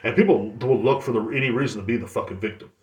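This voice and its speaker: Male podcast host, casual profane rambler, average pitch, echoey room. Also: very fast, darkish tone, lo-fi sound. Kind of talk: casual solo podcast rant.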